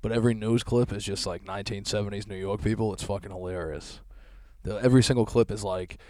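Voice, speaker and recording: Fast-talking podcast host, lower voice. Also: male voice, steady tone, darkish tone. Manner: crude, joking, laughs often. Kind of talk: casual chat.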